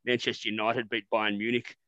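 Bright-voiced rambling Australian man. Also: mid-range voice, fairly quick, no room sound, highs cut off. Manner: rambling, animated, swears freely. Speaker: podcast co-host. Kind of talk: satirical casual banter.

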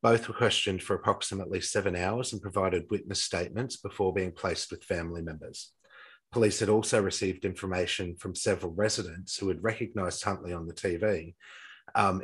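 Deep husky male host, casual true-crime retelling, trips over his notes. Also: poor audio. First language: not English-accented, says his English accent is poor. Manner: reads from notes, stumbles and restarts often.

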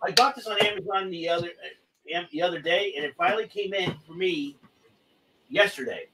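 Over a noisy background, a high-voiced man co-hosting a podcast talks fairly quickly, rambling casually and excitedly with many fillers as he shows off a gadget.

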